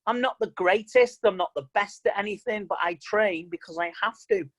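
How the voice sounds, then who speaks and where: A man's voice: high-pitched, a little fast, fairly bright tone, poor audio. A man giving an online motivational seminar as a mind coach, talking in an emphatic, plain-spoken and repetitive way over a video call.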